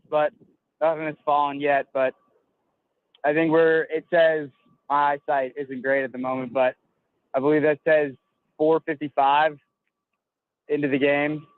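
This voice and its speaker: A male field reporter phoning in quick, matter-of-fact live updates. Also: on the high side, no echo. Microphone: phone. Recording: phone line, clear voice.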